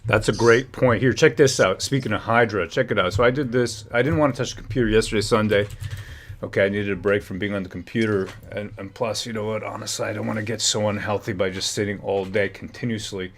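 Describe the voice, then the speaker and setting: A man's voice: on the low side, steady tone, fast. Chatty male livestream host. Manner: chatty, reading documents aloud. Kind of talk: casual livestream commentary.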